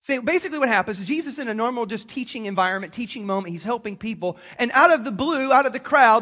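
A man preaching a sermon to a congregation, animated and acting out quoted voices. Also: very high-pitched, quick pace, few pauses. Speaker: pastor.

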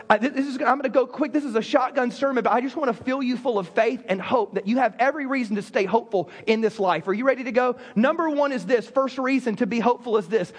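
A man preaching a sermon as pastor, telling a joke and then teaching, with animated delivery and frequent stammered restarts. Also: very high voice.

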